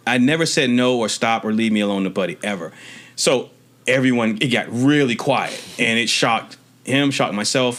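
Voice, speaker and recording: A man's voice: medium pitch, fairly bright tone. A young man from Maryland shares a personal story on a casual podcast, in an ordinary mid-range voice. He is earnest and rambling, often restarting his sentences and swearing casually. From Maryland, USA. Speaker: podcast co-host.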